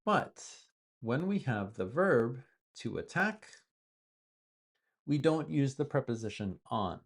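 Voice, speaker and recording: A man's voice: medium pitch, very animated, takes it slowly. A man teaching English, explaining word use patiently with repeated examples as a native speaker. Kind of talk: explaining vocabulary from the news.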